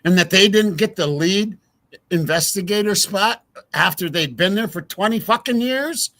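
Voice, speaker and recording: A man's voice: high-pitched, normal speed, fairly bright tone, no echo. A man hosting a true crime livestream, ranting in a heated, profane way to his viewers. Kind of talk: casual livestream commentary.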